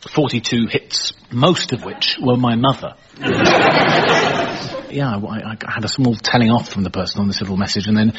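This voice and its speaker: A man's voice: medium pitch, animated, normal speed, very noisy. A man, a comedian guest, telling a self-deprecating story with stumbling starts. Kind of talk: anecdote telling. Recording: dull radio audio.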